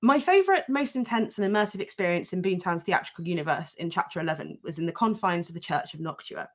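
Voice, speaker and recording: A woman's voice: on the low side, lively intonation, quick pace. A woman co-hosts a podcast and reads a listener's story aloud. Her voice rises and falls with energy, she laughs easily, and she swears casually. Between readings she chats with her co-host.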